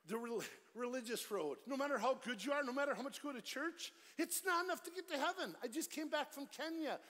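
High-voiced man preaching in a reverberant hall. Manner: swings from loud comic storytelling to hushed pleading. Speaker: evangelist speaker at concert. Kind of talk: energetic evangelistic sermon with jokes. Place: large church concert hall. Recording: live church hall with long reverb.

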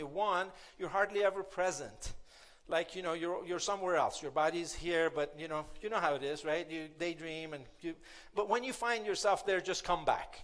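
A man's voice: high-pitched, a bit bright. A man giving a conversational, playful motivational keynote at a conference, often asking the audience questions. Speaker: keynote speaker.

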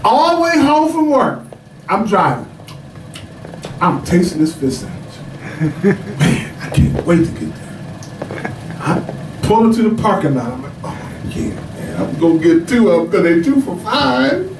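Man preaching, very high voice, animated storytelling, echoey church sanctuary, distant mic. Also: unhurried, long pauses, background noise. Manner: animated storytelling preacher, breaks into shouts and laughs. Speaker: pastor. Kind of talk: sermon.

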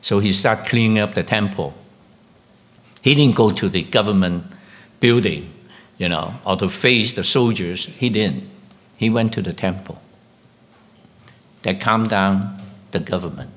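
Slow-speaking pastor preaching a sermon. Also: male voice, a bit bright. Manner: slow, halting delivery with questions to the congregation; rises sharply in pitch and volume when emphatic.

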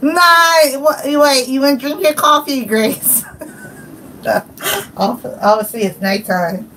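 A woman's voice: high-pitched, takes it slowly, sharp tone, a little hiss or hum, poor audio. A young woman, hosting a casual livestream and chatting in a giggly, scattered, playful way. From Hawaii. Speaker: livestream host.

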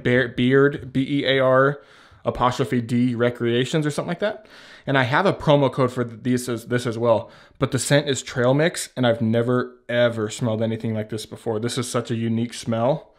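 Chatty rambling man vlogging at home. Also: mid-range voice. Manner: rambling, chatty, swears casually, laughs often. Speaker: beard care vlogger. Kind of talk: casual product show-and-tell. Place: at home by a shelf. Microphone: handheld camera at arm's length.

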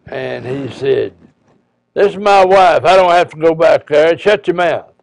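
A man, a preacher, telling a personal story in a folksy, halting way with frequent pauses and restarts. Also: a little high, creaky, no echo.

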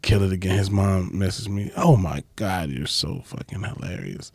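A man, a comedian guest, telling stories in casual chat, profane and animated, acting out quotes with big leaps in his voice. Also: moderate pace, slightly rough, dry recording. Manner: profane, acts out quotes with big jumps in pitch.

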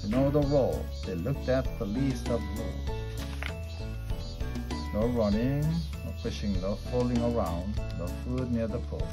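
A man narrating a children's storybook aloud in a clear, steady reading manner. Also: mid-range voice, unhurried, music in the background.

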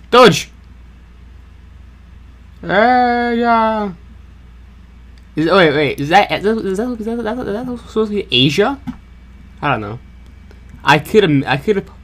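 Casually commentating on a game, a young man who hosts a gaming channel speaks in a medium pitch. His play-by-play is excitable and jokey, broken up by stammered repeats and abrupt yelps.

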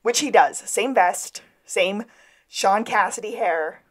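A woman co-hosting a podcast who recaps TV episode scenes in a relaxed, wry, casual way. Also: mid-range voice, takes it slowly, breathy edge. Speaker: podcast co-host.

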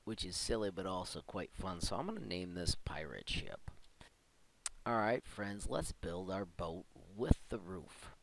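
Give me a low-voiced man giving an upbeat, chatty step-by-step tutorial. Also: lively intonation, a little slow, creaky, a bit bright, low-quality recording. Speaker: tutorial host. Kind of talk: screen-recorded software tutorial.

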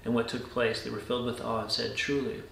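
A pastor reading a scripture passage aloud and then reflecting on it in a measured devotional talk, often dropping to a soft, low voice. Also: male voice, level tone, creaky, echoey room, a little hiss or hum.

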